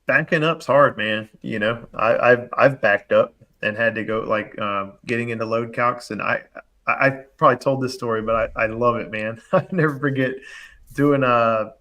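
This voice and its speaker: Young man, HVAC contractor, animated storyteller who acts out quoted voices, easy casual delivery. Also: mid-range voice, moderate pace. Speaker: HVAC contractor, show regular. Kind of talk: casual storytelling on a live panel show.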